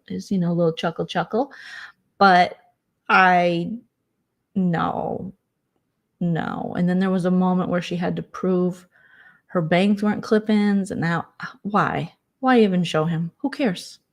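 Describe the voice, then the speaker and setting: A woman hosting a casual late-night chat vlog, telling stories with exasperated sarcasm and mocking voices. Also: on the low side. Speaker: vlogger host.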